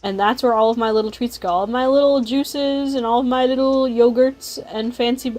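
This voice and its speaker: A woman's voice: fairly high pitch, fairly even intonation, fairly quick, a little mellow, poor audio. Chatty woman streaming a story game. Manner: chatty, rambling, giggly. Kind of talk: casual game commentary and reading aloud.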